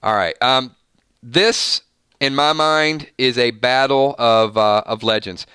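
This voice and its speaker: A man hosts a live stream and playfully tallies viewer votes on music matchups. His voice is bright and crisp. It sits close and dry on the mic, with no room sound. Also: medium pitch, takes it slowly, no echo. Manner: playful, animated, reading out votes. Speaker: host.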